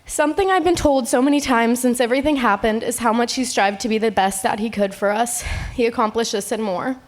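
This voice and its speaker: At a memorial gathering, an eighteen-year-old woman, the eldest daughter, reads a prepared eulogy to those present. Her voice is high and her pace fairly quick, and her delivery is tender and heartfelt yet steady.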